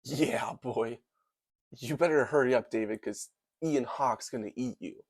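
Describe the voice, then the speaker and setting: A man's voice: mid-range voice, unhurried. A young man giving casual, comedic movie commentary, rambling and hyperbolic, full of "like" and "dude". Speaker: movie reviewer.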